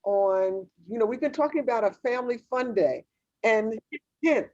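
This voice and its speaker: Upbeat woman host, mellow tone. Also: fairly high pitch, normal speed, dry recording. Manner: upbeat, effusive. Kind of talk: hosting a virtual event. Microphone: video call. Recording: dry, dull lo-fi audio.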